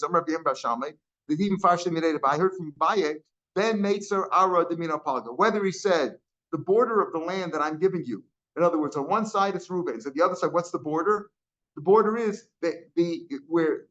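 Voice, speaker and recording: A man's voice: a little high, fairly bright tone. A man teaching a daily Talmud class, explaining each line and mixing English with Aramaic and Hebrew terms, often repeating and restarting phrases. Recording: dull lo-fi recording.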